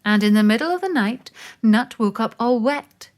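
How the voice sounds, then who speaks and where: A woman reading a children's picture book aloud, with slow, expressive storytelling. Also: a little high.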